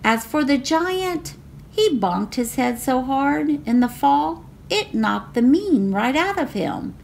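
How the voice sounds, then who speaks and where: A woman reading a picture book aloud as a library storyteller, slow and expressive. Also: high voice, creaky, slight background noise.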